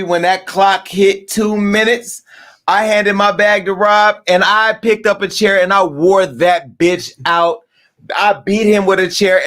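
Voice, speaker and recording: A male host with a high voice, rambling through a gossip show. He is brash and loudly profane, spinning stories with cutting asides. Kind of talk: casual gossip show monologue.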